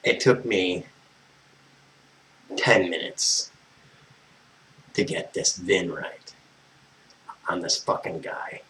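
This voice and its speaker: A man's voice: sits low, drawn-out words, pauses often, bright, forceful tone, a little hiss or hum, rough recording. An American man telling a personal story as a vlogger, exasperated and swearing constantly, wandering off on tangents. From United States. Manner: profane, exasperated, tangent-prone.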